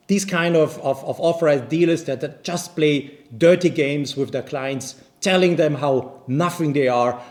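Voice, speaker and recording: A man tells a story to camera in English. His voice sits a little high, and he grows indignant as he talks. He keeps restarting his sentences while he gets the point across. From based in Vienna. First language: not English; speaks non-native English. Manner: animated, indignant, many restarts. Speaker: watch channel host.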